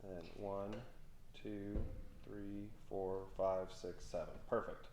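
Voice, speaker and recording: A middle-aged man at home playing a tabletop game with his son, calling out his moves and counting dice aloud in a quiet mutter. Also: sits low, level tone, takes it slowly, a little hiss or hum. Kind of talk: casual tabletop game play.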